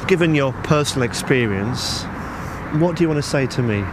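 A man's voice: medium pitch, lively intonation, brisk. A man doing radio street interviews outdoors, playfully confessing and provoking passers-by. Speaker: radio reporter doing street vox pops. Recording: outdoor field recording with traffic. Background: street traffic.

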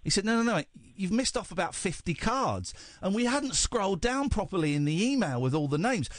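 A man's voice: high voice, very animated, brisk, no echo, studio quality. A man hosting a late-night radio phone-in, teasing callers and rambling jokily. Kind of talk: late-night call-in banter.

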